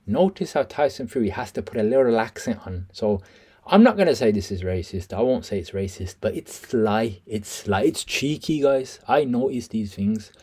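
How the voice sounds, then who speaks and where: A man's voice: lowish voice, lively intonation, moderate pace, dark tone, husky. A man with a Birmingham accent, chatting casually to viewers while breaking down a boxing press conference. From England. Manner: chatty, keeps addressing viewers as "guys". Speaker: boxing commentator on video.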